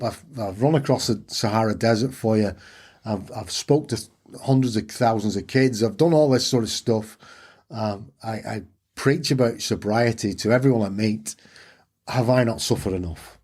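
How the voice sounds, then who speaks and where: Yorkshire man, guest storyteller; husky, lowish voice, acts out dialogue. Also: a little mellow. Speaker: podcast guest. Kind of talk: personal storytelling interview.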